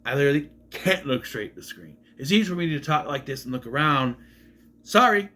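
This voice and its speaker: A man's voice: a little high, animated, a little fast, pushed and bright. A man casually reviewing a film to camera, rambling, restarting his sentences and swearing bluntly. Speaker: movie reviewer.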